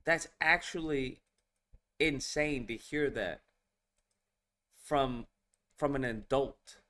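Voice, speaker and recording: A man's voice: mid-range voice, slow, bright, forceful tone. A man hosting a reaction video, giving casual commentary and exclaiming in disbelief as he repeats himself.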